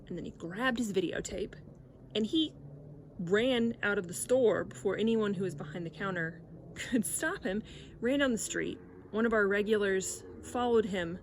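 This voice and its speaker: A woman, a former video store clerk, telling a story in a relaxed interview with occasional fillers. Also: medium pitch, slight background noise.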